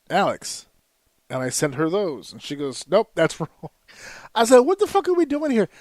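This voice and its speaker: A man's voice: medium pitch, a little mellow, no room sound. A man in his thirties hosting a podcast, telling a profane, exasperated story in a casual rant. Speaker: podcast host. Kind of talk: casual ranting monologue.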